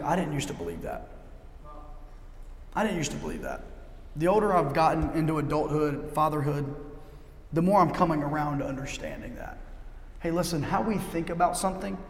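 A middle-aged man preaches from the pulpit, emphatic and fond of repeating his key lines slowly. His voice sits a little higher than most men's. The sound carries through a roomy church with a long, echoing tail. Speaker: pastor. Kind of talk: sermon. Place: church sanctuary. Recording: echoey hall with long reverb.

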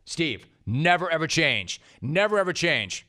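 A man's voice: on the high side, very animated, measured pace, bright, forceful tone. Sarcastic sports radio host, man. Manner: sarcastic, emphatic, repeats punchlines. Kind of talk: sports talk monologue.

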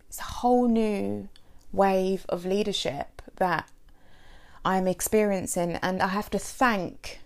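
A woman's voice: medium pitch, slow, gravelly, a little mellow. A woman hosting an unscripted solo podcast as a coach, talking in a heartfelt, emotional and rambling way with many fillers. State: sore throat lately.

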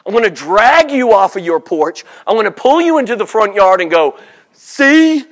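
A man preaching a sermon, animated, slipping into mock voices for the people he describes. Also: high voice, brisk.

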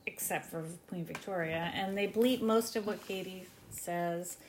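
A young woman co-hosting a casual recap podcast from her kitchen, chatting with wry jokes and quick asides. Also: medium pitch, animated, background noise. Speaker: podcast co-host. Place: home kitchen while cooking.

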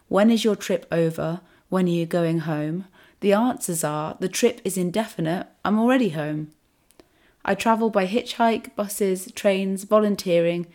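A woman hosting her podcast, croaky from a cold, reading an earnest, upbeat script. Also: lowish voice, darkish tone. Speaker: podcast host.

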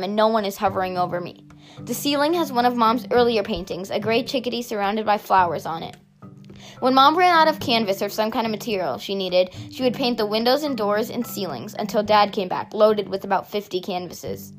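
A woman narrating a first-person story aloud in a steady, softly expressive reading. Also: on the high side, brisk, faint music behind.

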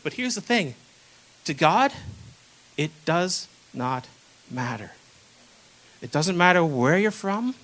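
A man's voice: high-pitched, a bit bright, poor audio. A young man preaching a casual, conversational sermon, acting out the people in the stories he tells.

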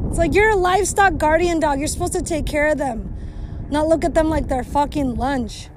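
A woman's voice: fairly high pitch, background noise. A woman hosting a casual podcast outdoors, venting bitterly with constant profanity and breaking off to scold her dog. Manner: profane, bitter venting, talks to herself and the listeners. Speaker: podcast host. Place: outdoors near a cow pasture, walking a dog.

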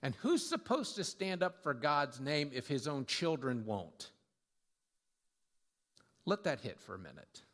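A man's voice: medium pitch, sing-song, measured pace, pauses often, a bit bright. A man preaching a sermon as pastor, conversational and full of rhetorical questions. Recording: long reverb of a large hall.

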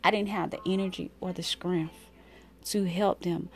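A woman's voice: lowish voice, fairly even intonation, normal speed, husky. A woman talking openly and heartfelt in a casual spiritual vlog, reading oracle cards for her viewers. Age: adult mother of school-age kids. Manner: open, heartfelt, conversational. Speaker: oracle card reader.

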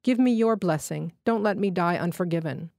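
A woman's voice: lowish voice, moderate pace, gravelly, a little mellow, no room sound, clean studio sound. A woman reading aloud, voicing a wounded male robber who pleads weakly for forgiveness. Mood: desperate. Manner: begging, weak and tearful. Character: dying young male motorcycle robber, pleading. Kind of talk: literary reading.

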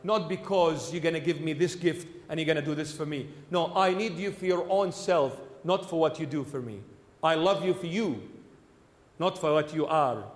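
A man, a bishop, preaching a sermon with emphatic repetition that swings between loud and soft. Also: a little high, moderate pace, roomy sound, big-room sound. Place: church.

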